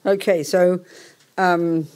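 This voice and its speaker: A woman's voice: lowish voice, steady tone, slow, a little mellow, a little hiss or hum. An older woman, a Buddhist nun, teaching in a blunt, outspoken and bossy casual manner.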